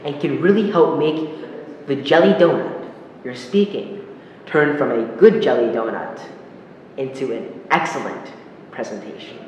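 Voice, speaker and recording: A man giving a public speaking lesson, explaining clearly and demonstrating intonation with spoken examples. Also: medium pitch, expressive, a little slow, a little mellow, highs cut off. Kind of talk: instructional talk to camera. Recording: very echoey hall, faint noise.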